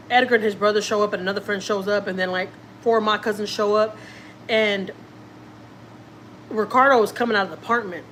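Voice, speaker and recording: A family vlogger from Houston, Texas, tells a personal story in a chatty, casual way, acting out what people said and often repeating herself. Her voice is mid-range, with slight background noise in the recording.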